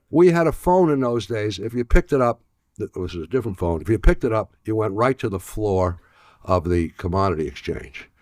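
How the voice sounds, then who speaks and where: An older man spins a long anecdote with dry humor. He stumbles and repeats words as he goes, and his fairly low voice sits close and dry on the mic. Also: lively intonation, a little slow, long pauses, darkish tone, no echo. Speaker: guest in archive clip. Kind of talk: storytelling anecdote.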